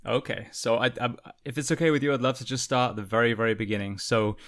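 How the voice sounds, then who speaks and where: A man's voice: mid-range voice, fairly even intonation, quick pace, fairly bright tone. A man hosting a podcast, speaking earnestly and emphatically, with frequent fillers, as he introduces his guest and starts the interview. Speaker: podcast host.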